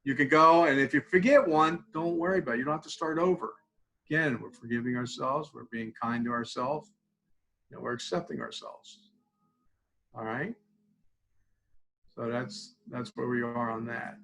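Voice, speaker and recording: Older male clinician, calm and instructive, webinar on a video call, mid-pitched. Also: normal speed, pauses often, low-quality recording. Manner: calm instructive, often drops to quiet repeated phrases. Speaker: college student support clinician. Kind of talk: webinar teaching a tapping technique.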